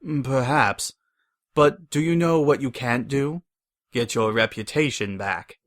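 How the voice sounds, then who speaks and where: A man voicing a calm, smug male pony agent who schemes. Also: mid-range voice, slow, lightly acted.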